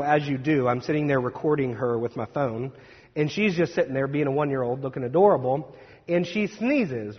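In a church sanctuary with long reverb, a male pastor with a slightly high, husky voice reads scripture and delivers an Easter sermon. He tells family stories loosely and conversationally, with laughs, and the audio is a little dull and lo-fi.

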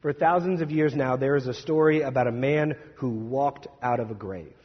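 Husky-voiced pastor in a reverberant sanctuary. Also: male voice, mid-range voice, normal speed, muffled recording. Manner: conversational storytelling with laughs. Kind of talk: scripture reading and Easter sermon. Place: church sanctuary.

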